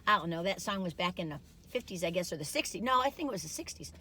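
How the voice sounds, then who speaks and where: A woman's voice: lowish voice, lively intonation, fast talker, bright, forceful tone, a little hiss or hum. A middle-aged woman chatting casually while taste-testing food, rambling and giggling as she goes. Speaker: food reviewer.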